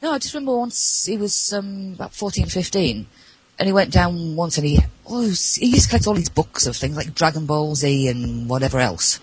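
A woman's voice: on the low side, fairly quick, breathy edge, no room sound, low-quality recording. A middle-aged woman calling in over Skype, chatting and joking about herself. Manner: chatty, self-mocking, giggly. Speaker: caller. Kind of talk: casual phone-in chat. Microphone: Skype call.

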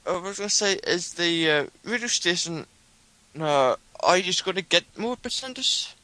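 A man putting on a high, pushy caller voice. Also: animated, normal speed, sharp tone, no room sound, poor audio. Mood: demanding. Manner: stammering, demanding.

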